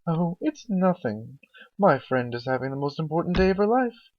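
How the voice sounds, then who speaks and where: A man voicing an elegant, refined female unicorn fashionista in a fan-read pony story, with sweet, coaxing, drawn-out lines. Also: a little high, big pitch swings, dry recording, voice pushed up. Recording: dull lo-fi home mic.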